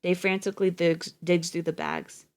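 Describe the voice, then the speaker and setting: Woman, story narration, steady, even, slightly low voice. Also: moderate pace. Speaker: audiobook reader on a livestream.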